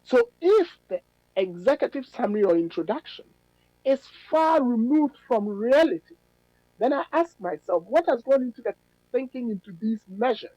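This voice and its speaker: A middle-aged academic man, giving measured, analytical radio interview answers with emphatic stresses. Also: very high voice, sing-song, dark tone, dry recording, dull audio. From Ghana. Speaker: policy fellow and academic guest.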